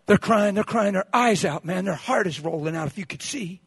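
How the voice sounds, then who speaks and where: A man in his fifties preaching a sermon, swinging between shouted exhortation and soft, hushed counsel, acting out the voices of doubters. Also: high voice, lively intonation, moderate pace, husky, no echo. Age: 50s. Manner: acts out quoted voices of doubters.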